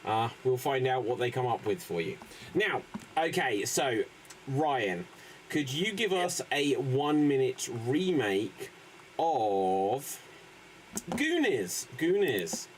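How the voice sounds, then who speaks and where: A man's voice: medium pitch, big pitch swings, a little hiss or hum, rough recording. A man hosting an improv livestream, setting up games and reading chat in a hesitant way. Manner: slow, hesitant, lots of fillers. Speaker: improv show host. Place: small stream studio.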